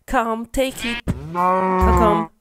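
A woman's voice: medium pitch, extremely slow. A woman playing an animal doctor who speaks broken English and coaxes a cow in a comic skit. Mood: coaxing. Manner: broken English, coaxing and sing-song.

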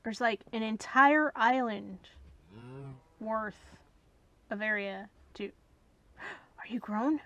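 Woman gamer, higher voice with a gravelly edge, muttering commentary that breaks into loud scolding. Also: takes it slowly, pauses often, lo-fi sound. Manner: mutters and whispers to herself, scolds animals in loud bursts. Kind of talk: gameplay commentary.

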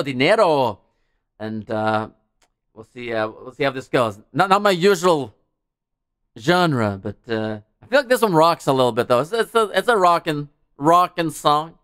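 A man's voice: medium pitch, a bit bright, smooth, no echo, studio quality. A young man hosting a music livestream, chatting loosely between songs, greeting viewers and thanking them with plenty of fillers.

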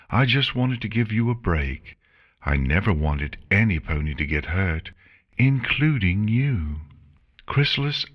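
A man reading an audiobook and voicing a gentle, regal female pony princess who speaks softly, kindly and formally. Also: lowish voice, slightly rough, heavily acted. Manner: soft, kindly, formal speech without contractions. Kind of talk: audiobook reading of fan fiction.

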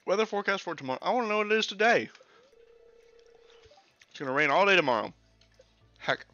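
A young man casually commenting while playing a video game, excitable and swearing freely, on a lo-fi mic. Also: high-pitched, quick pace. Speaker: gaming streamer. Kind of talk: casual let's-play commentary. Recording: lo-fi old mic.

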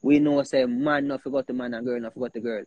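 A man with a Jamaican accent, hosting a heated casual talk, animated and emphatic, often repeating himself. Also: medium pitch, fast talker, dry recording, narrow, tinny audio. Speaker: host.

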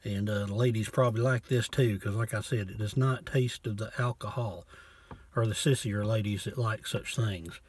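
A man casually reviewing a bottle of rum from inside his parked truck, talking in a folksy, low-key way and cussing now and then. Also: moderate pace, slight background noise. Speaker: vlogger reviewing liquor.

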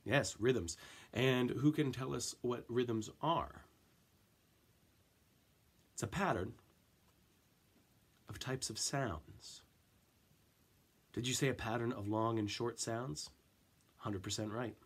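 A man's voice: mid-range voice, slow pace, long pauses, breathy edge. A man teaching an elementary music class, counting in and chanting rhythm syllables for the children to clap along.

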